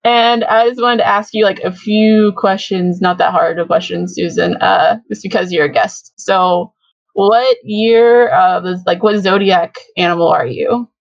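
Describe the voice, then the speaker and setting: A woman's voice: medium pitch, fairly even intonation, unhurried, gravelly, no room sound, dull audio. Giggly young woman hosting a podcast. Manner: giggly, chatty, lots of fillers. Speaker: podcast host. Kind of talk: casual fan podcast chat.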